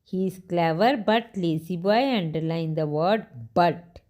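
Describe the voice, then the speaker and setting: Slow, patient woman teacher. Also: on the low side, darkish tone. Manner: slow, patient, repeats sentences and spells words out. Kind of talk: slow classroom lesson for young children.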